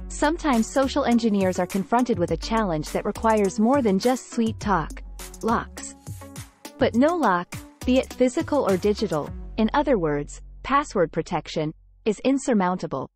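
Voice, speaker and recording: A woman reads a book summary as scripted narration, with a measured and explanatory delivery. Her voice sits at an ordinary middle pitch for a woman. Soft music plays faintly underneath.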